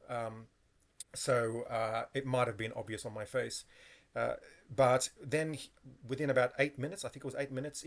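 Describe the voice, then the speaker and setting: A man telling a personal story in a casual vlog monologue, meandering and correcting himself as he goes. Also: mid-range voice. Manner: meandering, with frequent fillers and self-corrections. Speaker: vlogger.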